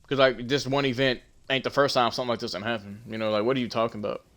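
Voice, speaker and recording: A man's voice: medium pitch, little pitch movement, racing, fairly bright tone. Blunt, heated young male podcast host. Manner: emphatic, heated retelling of an argument; blunt, swears freely. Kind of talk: casual storytelling monologue.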